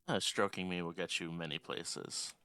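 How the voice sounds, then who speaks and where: A man playing his character in a tabletop role-play, speaking in a slow, measured, suave way. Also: low-pitched, steady tone, sharp tone, clean tone, dry recording. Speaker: player.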